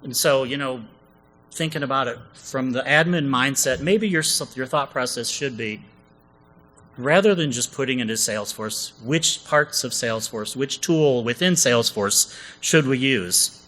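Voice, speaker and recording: A man's voice: mid-range voice, a little slow, sharp tone, low-quality recording. A man co-presenting a comedic conference session, chatty and jokey, often asking the audience questions.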